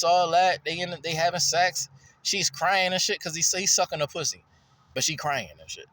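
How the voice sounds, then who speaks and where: Rambling, profane man with a raised voice. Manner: loose and profane, jumps in pitch when excited. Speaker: vlogger. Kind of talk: rambling casual monologue.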